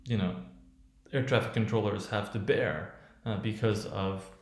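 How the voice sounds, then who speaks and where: A man lecturing on how a speech is built and spoken. He talks haltingly, with many restarts and fillers, and often checks in with "right?". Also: lowish voice, steady tone, echoey room. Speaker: teacher.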